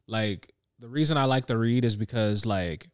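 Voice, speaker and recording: A man's voice: medium pitch, normal speed, clean tone, dry recording. Man, thirties, American accent with a British edge, rambling casual chat, dry close sound. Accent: American with a slight British tinge. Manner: rambling, loose and laid-back, with many fillers. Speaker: podcast co-host. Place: small room, seated on a couch.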